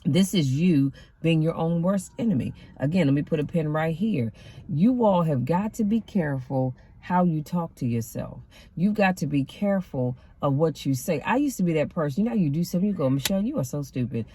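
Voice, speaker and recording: A woman's voice: low-pitched, expressive, normal speed, mellow, breathy edge. A middle-aged woman giving a casual motivational talk from inside a car, emphatic and conversational with a sassy, preacher-like edge. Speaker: deacon and motivational vlogger.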